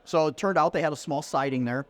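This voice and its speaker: Man, middle-aged, slightly high voice, lively storyteller, casual. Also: fast. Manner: lively storyteller who acts out quoted dialogue. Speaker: podcast guest. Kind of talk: casual anecdote telling. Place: conference venue.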